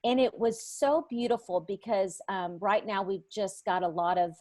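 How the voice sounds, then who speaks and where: A middle-aged woman recounts a story as a podcast guest, with a voice of middling pitch. She is animated and vivid, bringing other people's voices to life as she tells it. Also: normal speed, no echo. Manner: animated, acts out others' voices in her stories. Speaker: Bible study teacher, podcast guest. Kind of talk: storytelling in a conversation.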